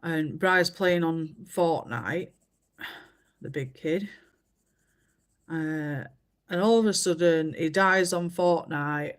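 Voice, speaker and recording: A woman, chatting casually on a livestream and telling stories with many fillers. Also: fairly low pitch. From England. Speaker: livestream host. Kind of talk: casual chat while colouring.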